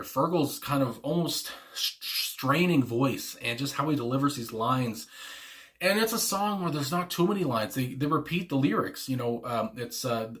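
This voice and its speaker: A man in the middle of the usual pitch range chats casually about songs he loves. He rambles with plenty of fillers and breaks into small laughs, sounding enthusiastic throughout. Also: fairly bright tone. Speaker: music reaction channel host.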